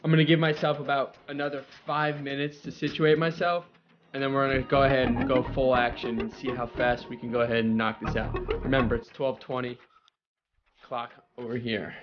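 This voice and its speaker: A man's voice: medium pitch, little pitch movement, brisk, muffled recording, music in the background. A young man who runs a car repair channel, chatting casually and thinking aloud as he works under a car. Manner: talks while working, thinks aloud. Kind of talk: casual hands-on explanation.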